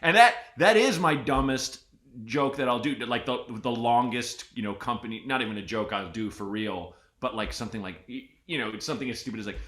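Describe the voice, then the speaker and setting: A male podcast host telling comic stories in casual chat, jumping into loud put-on voices. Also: medium pitch, a little fast. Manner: animated storyteller, jumps into loud put-on voices. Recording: roomy echo.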